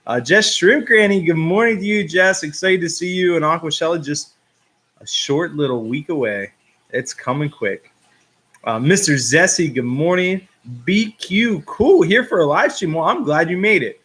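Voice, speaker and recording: A man with a slightly raised, fairly high speaking voice hosts a relaxed live stream. He chats along, reads out viewer comments, and laughs at himself between loose filler words. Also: moderate pace, slightly rough. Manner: chatty, reads out viewer comments and greets them. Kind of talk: casual live-stream chat.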